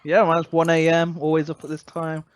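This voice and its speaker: A man's voice: a little high, monotone, brisk, no room sound. A man with an English accent, co-hosting a casual gaming stream late at night in a laid-back, easygoing way. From England. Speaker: co-host.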